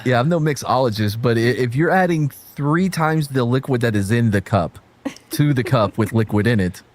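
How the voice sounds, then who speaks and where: A man's voice: medium pitch, animated, moderate pace, slight background noise. A man hosting a casual podcast, reading out chat donations and teasing his co-hosts with plenty of swearing.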